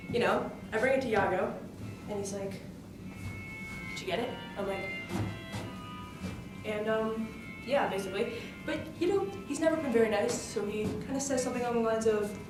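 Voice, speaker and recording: A woman retelling a play in character in a casual way, full of fillers like "like" and "you know.". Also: a little high. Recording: echoey room, voice far from mic, music behind.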